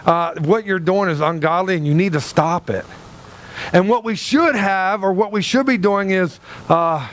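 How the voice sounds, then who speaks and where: A man's voice: sits high, moderate pace, a bit bright. A middle-aged man, a pastor, preaching a sermon in a loose, conversational way, often restarting his sentences and acting out the voices of people he quotes.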